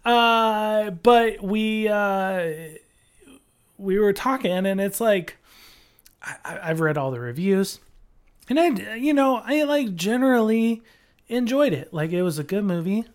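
A man's voice: high-pitched, expressive, slow. A man co-hosting a podcast, rambling casually with lots of fillers, restarts and swearing. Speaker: podcast co-host. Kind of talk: casual chat.

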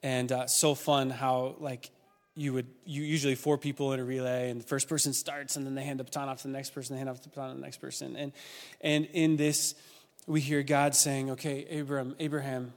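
A man preaching a sermon, retelling stories in an animated way that builds with excitement. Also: medium pitch, fairly quick. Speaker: pastor. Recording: long reverb of a church hall.

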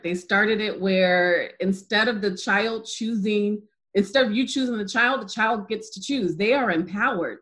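A woman as an interview guest, telling a personal story in a lively way, acting out dialogue and laughing easily. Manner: animated storyteller, acts out dialogue with lively pitch jumps. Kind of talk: casual testimony interview.

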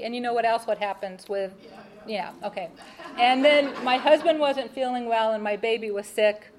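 A woman telling a personal testimony, expressive and laughing at her own mishaps. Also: a little high, slight background noise. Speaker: speaker sharing a personal testimony. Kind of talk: personal storytelling.

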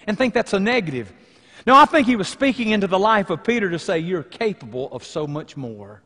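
Man, pastor, sermon, high voice, loud then hushed delivery, long hall reverb. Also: big pitch swings, fairly quick. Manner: dynamic preaching, swinging between loud emphasis and hushed lines. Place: church sanctuary.

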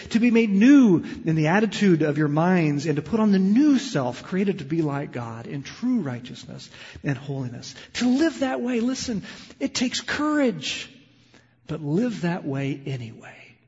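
A male pastor preaching a sermon, moving between loud, impassioned emphasis and quiet, hushed storytelling. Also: high voice, breathy edge. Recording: lo-fi sound with long hall reverb.

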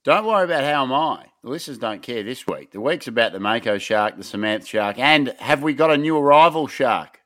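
An Australian man hosts a podcast in a playful, teasing tone. He keeps the chat upbeat, and his voice sits at an ordinary pitch. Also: lively intonation, brisk, hardly any pauses, fairly bright tone. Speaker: podcast host. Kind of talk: casual chat.

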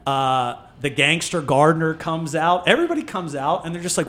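A man co-founding a food nonprofit, talking in an animated, swearing, storytelling way in a casual podcast interview. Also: on the high side, brisk.

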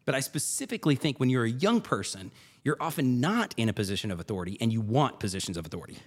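A man hosting a podcast, telling a story in a casual, animated way and repeating phrases for emphasis. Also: mid-range voice, quick pace, slightly rough. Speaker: podcast host.

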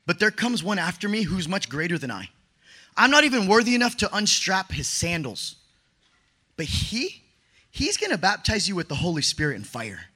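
A man's voice: high-pitched, big pitch swings, normal speed, sharp tone, breathy edge, exaggerated voice. A man voicing a humble male prophet in his own voice, speaking in a loose, slangy way. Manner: casual slangy retelling.

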